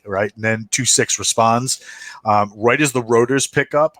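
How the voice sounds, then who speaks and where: Low-voiced man narrating as game master. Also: steady tone, fairly bright tone, no room sound. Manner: halting, many fillers and restarts.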